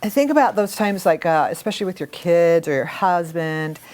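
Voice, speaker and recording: A middle-aged woman teaching a communication workshop to a live group, talking in a lively, animated way. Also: fairly low pitch, moderate pace. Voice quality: animated storytelling with acted quotes. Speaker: workshop instructor.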